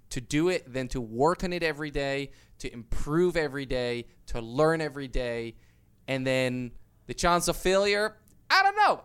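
A man's voice: fairly high pitch, a bit bright, clean tone. A man in his twenties, a YouTuber guest, telling his story eagerly with lots of fillers and restarts. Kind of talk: casual interview chat.

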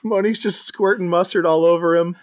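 A man casually recapping a film on a podcast, quoting characters in quick put-on voices. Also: high voice, fairly even intonation. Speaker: podcast co-host. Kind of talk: casual movie recap chat.

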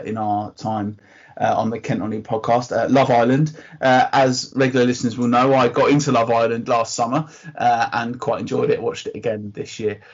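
Man, husky voice, chatty ranting podcast host, lo-fi sound. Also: mid-range voice. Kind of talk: casual chat. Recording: dull lo-fi podcast audio.

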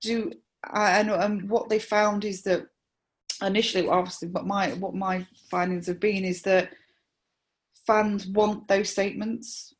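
A woman, a supporter liaison officer, explaining her views in a measured interview with frequent restarts. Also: medium pitch, flat delivery. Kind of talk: conversational interview.

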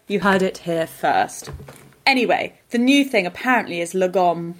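A woman's voice: on the low side, expressive, normal speed, a little hiss or hum. Wry Danish woman podcast co-host. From Denmark. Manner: wry, opinionated, chatty. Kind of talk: casual chat. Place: home, recording remotely.

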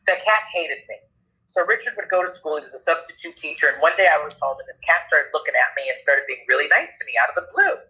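A man with a very bright, fairly high voice tells a comic story in casual chat. He is animated and quick, and he puts on the voices of the other people in the story. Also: low-quality recording.

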